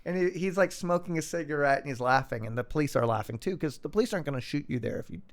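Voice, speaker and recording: A man in his thirties, a podcast guest, telling a long story in a casual, animated way with lots of fillers. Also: a little high, fast talker. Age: 30s. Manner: animated anecdote, fillers and acted-out quotes.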